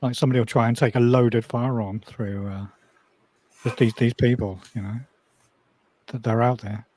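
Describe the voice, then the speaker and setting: A man in a casual group chat, telling animated stories and swearing freely. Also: medium pitch, normal speed, no echo. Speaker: regular chat guest.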